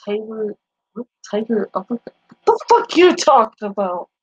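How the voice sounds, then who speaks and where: A woman's voice: a little high, big pitch swings, normal speed, breathy edge, dull audio. A woman streamer in casual live-stream chat, profane and teasing, laughing often as she talks back to viewers.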